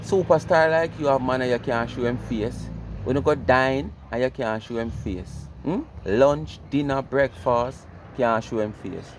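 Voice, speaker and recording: A man's voice: medium pitch, measured pace, slight background noise. A Jamaican man explaining his point in casual commentary, lecturing and asking rhetorical questions.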